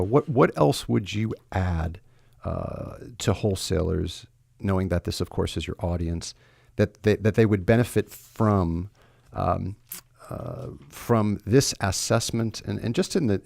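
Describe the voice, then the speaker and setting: A man's voice: lowish voice, unhurried, creaky, a little mellow, no room sound, clean studio sound. A man hosting a podcast interview, asking long, winding questions. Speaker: podcast host.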